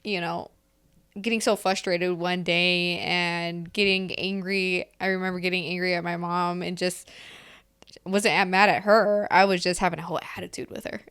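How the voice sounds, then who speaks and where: Low gravelly-voiced woman co-host. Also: little pitch movement, fairly bright tone, no room sound, studio quality. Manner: halting, searches for words. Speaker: podcast co-host. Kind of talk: casual faith podcast chat.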